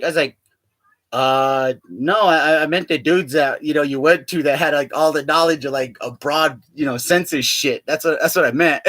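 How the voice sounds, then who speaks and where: Young male vlogger, somewhat high voice, rambling profane humor, lots of fillers. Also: fast talker, fairly bright tone, no echo. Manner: profane, joking, laughs often, many fillers. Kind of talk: rambling casual monologue to camera.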